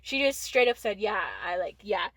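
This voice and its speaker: A woman's voice: medium pitch, moderate pace, a bit bright, no echo. Chatty teen woman telling a story. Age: teens. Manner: candid, swears freely, many "like" fillers. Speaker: podcast co-host. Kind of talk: casual storytelling chat.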